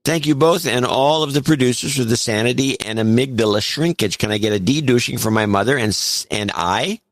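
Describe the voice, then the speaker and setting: A man's voice: medium pitch, fairly quick, dry recording. Dry-sounding man reading donor notes. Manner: wry, dry delivery with ad-lib asides. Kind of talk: casual banter reading listener notes.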